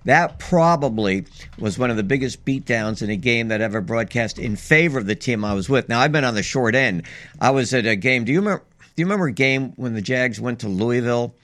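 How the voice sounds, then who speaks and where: A man's voice: mid-range voice, lively intonation, brisk, fairly bright tone. An older man co-hosting a sports radio show, telling long rambling anecdotes in casual chat. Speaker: sports radio co-host and former broadcaster.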